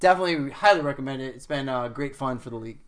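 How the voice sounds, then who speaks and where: A man hosting a casual sports podcast, an animated storyteller who swears freely. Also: medium pitch, very fast. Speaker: podcast host.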